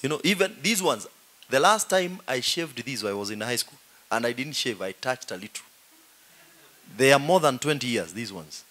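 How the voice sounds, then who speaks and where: A middle-aged Kenyan-accented pastor delivers a humorous sermon, preaching in a joking, animated way and saying "you know" often. His voice is mid-range and moderately paced.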